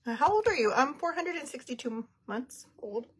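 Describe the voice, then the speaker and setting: A woman's voice: high voice, sing-song, moderate pace, a bit bright, breathy edge. A woman in her thirties chatting casually on a makeup livestream, giggling often and reading viewer comments aloud. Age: 30s.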